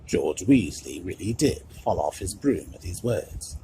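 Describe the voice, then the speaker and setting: Lively man reading a storybook aloud. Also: low-pitched, a little slow. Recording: noisy home stream recording.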